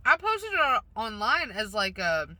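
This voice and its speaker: Woman vlogger, very bright sharp tone, rambles with her mouth full in a car. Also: fairly high pitch, big pitch swings, moderate pace, no echo. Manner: talks with mouth full while eating; rambling, self-conscious, blunt. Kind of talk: casual rambling mukbang chat. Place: parked car.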